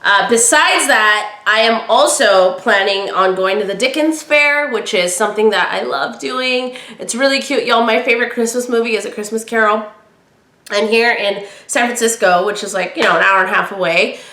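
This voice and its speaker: A woman hosting a podcast, chatting casually and telling stories, acting out friends' lines in lively voices. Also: medium pitch, echoey room. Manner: chatty storyteller, quotes friends in animated voices. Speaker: podcast host. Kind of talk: casual chat.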